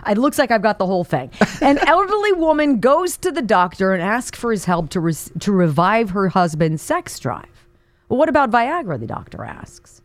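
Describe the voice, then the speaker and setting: Woman, talk radio host, reading jokes aloud, laughs a lot, lively pitch, dry close mic. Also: normal speed, no room sound. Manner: laughs often, stumbles while reading cold. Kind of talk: reading jokes on air, casual banter.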